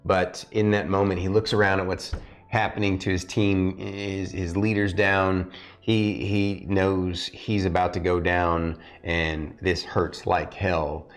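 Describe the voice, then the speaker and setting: A man narrating as game master for a tabletop game, halting with many restarts. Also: sits low, little pitch movement. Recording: faint background music.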